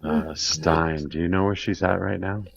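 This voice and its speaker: A man's voice: sits low, fairly even intonation, normal speed, vocal fry, highs cut off, slight background noise. A man hosting a voice chat, asking callers blunt questions with a sarcastic edge. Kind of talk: casual debate.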